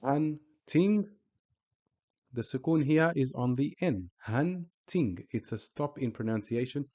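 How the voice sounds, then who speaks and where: A man's voice: medium pitch, moderate pace, dark tone. A man teaching a recorded Arabic lesson, speaking patiently and repeating each example word.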